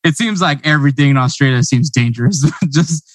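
A man's voice: fairly high pitch, brisk, background noise. Chatty American man who laughs a lot. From United States. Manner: laughs often, chatty, repeats words. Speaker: host. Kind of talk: casual interview chat.

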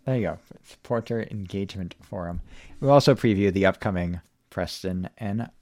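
A man with a low voice hosts a casual podcast, laid-back and wry. He laughs easily and swears casually. The sound is dry and close, with no room echo. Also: normal speed, darkish tone. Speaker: podcast host.

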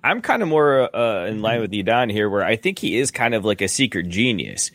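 Male co-host, bright edgy tone, jokey bro talk, animated. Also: fairly low pitch, fairly quick, no echo, clean studio sound. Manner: joking, laughs a lot, bro-ish slang. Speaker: podcast co-host. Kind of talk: casual sports chat.

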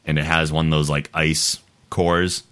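A man's voice: very deep voice, little pitch movement, a little slow, a bit bright, clean tone. A man hosting a podcast, chatting casually and rambling a bit, laughing often. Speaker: podcast host. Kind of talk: casual chat.

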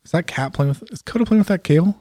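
A man hosting a podcast in casual, teasing banter, sounding sick and rough. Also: high voice, lively intonation, quick pace, mellow, no room sound, studio quality. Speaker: podcast host.

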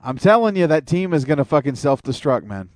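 A man's voice: fairly high pitch, big pitch swings, a little fast, darkish tone, no echo, studio quality. A man co-hosting an internet radio show, trading blunt, joking, profane remarks about wrestling. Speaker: podcast co-host. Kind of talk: casual wrestling talk.

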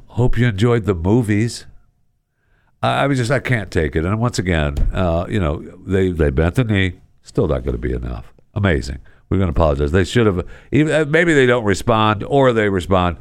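A man's voice: low voice, lively intonation, moderate pace, no echo. A man hosting a talk show, ranting sarcastically about the news, often tripping over his words and restarting. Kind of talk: casual talk-show commentary.

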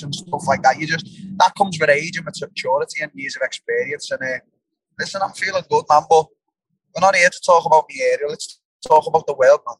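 A blunt young English man talks casually in an interview, full of restarts, fillers and swearing. His voice sits slightly high for a man, and it sounds close and dry with little room to it. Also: steady tone, fairly quick, a bit bright, slightly rough, dry recording, low-quality recording. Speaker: fighter, guest.

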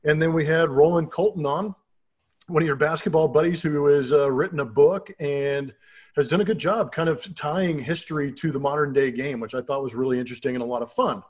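A man's voice: on the high side, a little fast. A middle-aged man co-hosting a sports podcast in loose, rambling, jokey casual chat. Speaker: co-host.

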